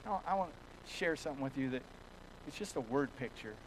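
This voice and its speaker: A man preaching a sermon as a pastor in a church, telling a folksy story and swinging between hushed and loud passages. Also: medium pitch, lively intonation, a little fast, a little hiss or hum, rough recording.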